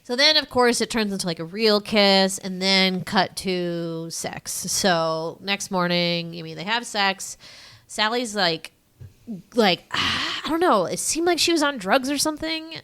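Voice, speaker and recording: A woman's voice: medium pitch, measured pace, a bit bright, smooth. A young woman co-hosting a podcast, recapping a film in casual, rambling chat full of fillers. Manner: rambling, filler-heavy retelling with acted quotes. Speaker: podcast co-host.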